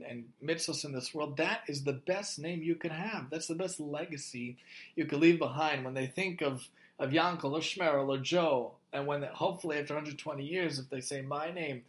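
A man giving a religious talk, emphatic and piling up rhetorical questions. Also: fairly high pitch. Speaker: Torah teacher.

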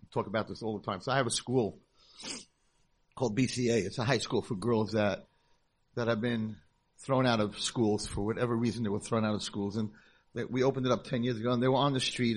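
Husky-voiced rabbi telling stories. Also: male voice, medium pitch, fast. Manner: animated storyteller, acts out voices. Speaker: rabbi and school founder. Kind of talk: conference talk with storytelling.

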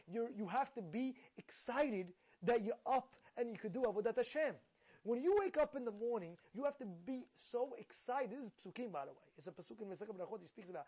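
A man giving a lively Torah talk to an audience, repeating himself and acting out little prayers and scenes. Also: very high-pitched. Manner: animated, repetitive, acts out little prayers and scenes. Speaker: Torah teacher. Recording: dull lo-fi recording.

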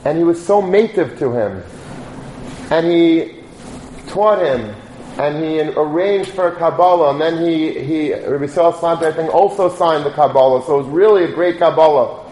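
A man's voice: on the high side, moderate pace, a little mellow, a little hiss or hum. A man giving a sermon, conversationally telling a story with quoted voices. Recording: echoey room.

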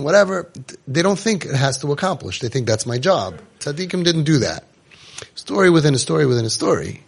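A man, giving a storytelling Torah class full of Yiddish and Hebrew words and rhetorical questions. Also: on the high side. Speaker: rabbi giving a Torah talk.

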